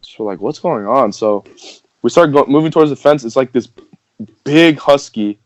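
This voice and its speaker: Brief: young guy, rambling podcast storyteller, mid pitch, dull dry sound. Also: moderate pace, dry recording. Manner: rambling, filler-heavy, laughing through the story. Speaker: podcast host. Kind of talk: casual storytelling.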